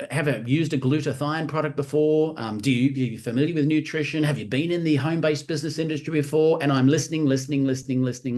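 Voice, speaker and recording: A man giving an energetic, motivational training talk at a live session, repeating key phrases and acting out sales-call dialogue. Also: fairly high pitch. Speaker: network marketing trainer.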